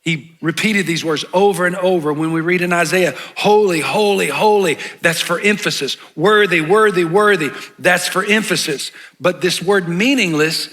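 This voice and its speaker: A man's voice: sits high, sharp tone. A man preaching a sermon as pastor, pushing his voice up on key words and dropping into casual asides.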